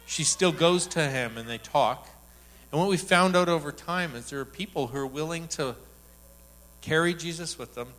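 A middle-aged man preaching with a bright, forceful voice that sits a little high for a man. He tells a church story in an animated, anecdotal way, full of restarts and quoted dialogue. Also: moderate pace. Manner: animated anecdotal retelling with frequent laughs. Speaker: church speaker. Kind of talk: sermon storytelling.

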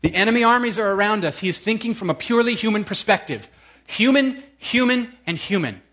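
High-voiced, emphatic male preacher. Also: quick pace. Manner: lively, emphatic, repeats words for effect. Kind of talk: sermon.

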